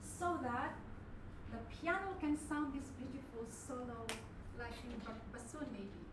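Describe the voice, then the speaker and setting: High-voiced woman coaching in a hall. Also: measured pace, background noise. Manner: coaches patiently, sings short phrases to demonstrate. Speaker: voice teacher leading a masterclass. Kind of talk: coaching a singer in a masterclass. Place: performance hall. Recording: roomy hall, mic far off, piano.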